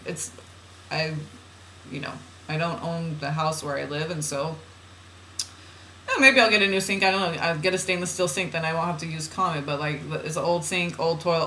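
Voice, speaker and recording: A middle-aged woman reading oracle card messages aloud slowly, then breaking off into rambling chat with laughs and restarts. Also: lowish voice, sharp tone, reverberant, slight background noise. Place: home.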